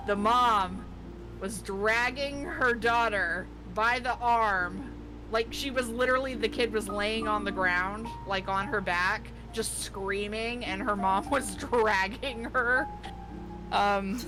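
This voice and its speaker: A woman's voice: mid-range voice, slow pace, low-quality recording. A woman chatting casually on a game stream, telling a story with lots of laughter. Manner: lively storyteller, laughs through her story. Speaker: player in a streamed tabletop game. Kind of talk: casual chat, telling an anecdote. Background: background music.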